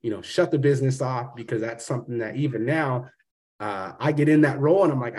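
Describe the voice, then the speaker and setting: A man's voice: medium pitch, brisk, darkish tone. A man hosting a podcast, talking in a rambling, profane, casual way and calling his guest brother. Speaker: podcast host. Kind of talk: casual interview chat.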